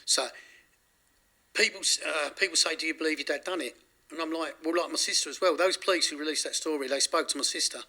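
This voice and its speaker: A man with a strikingly bright, forceful voice recounts events to an interviewer. He talks in a candid, rambling way, stopping and correcting himself often. His pitch sits a little higher than most men's. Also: quick pace. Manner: rambling, self-correcting, frequent restarts. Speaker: interview guest.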